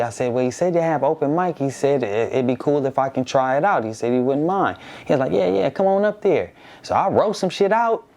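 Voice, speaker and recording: A man's voice: medium pitch, a little mellow. A comedian being interviewed, telling his story in a laid-back, rambling way. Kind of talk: casual interview chat.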